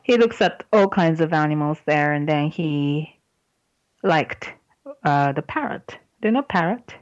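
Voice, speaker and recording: A woman's voice: deep voice, lively intonation, a little slow, dry recording, muffled recording. A woman hosting a podcast who tells a joke in casual chat, laughing often and stopping to explain words. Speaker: podcast host.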